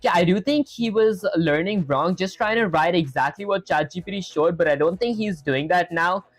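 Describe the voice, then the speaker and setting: A man's voice: high-pitched, moderate pace, dry recording. Young guy live coding, talking thru it, dry close sound, faint music behind. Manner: thinks aloud, reads chat to viewers. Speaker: livestreaming programmer. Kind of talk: casual live coding chat.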